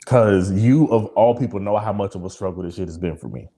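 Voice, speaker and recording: This podcast co-host has a deep, warm voice and a brisk delivery. He chats candidly and emotionally, swears freely, and laughs often.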